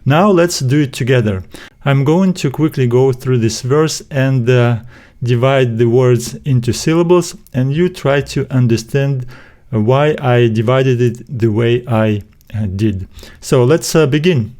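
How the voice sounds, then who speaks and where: Slow, deliberate male teacher. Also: mid-range voice, a little mellow. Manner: slow and deliberate, syllable by syllable, many "uh" fillers. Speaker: Greek language teacher. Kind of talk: slow explanatory lesson.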